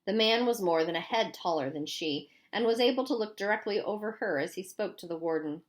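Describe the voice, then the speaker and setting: A woman reading a novel aloud in a clear, steady storytelling manner. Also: mid-range voice, fairly quick, few pauses. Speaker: audiobook reader.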